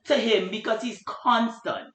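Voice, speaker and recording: A woman's voice: fairly high pitch, a little slow. Blunt, profane woman in an echoey room. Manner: blunt, profane, emphatic opinions. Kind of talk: casual chat.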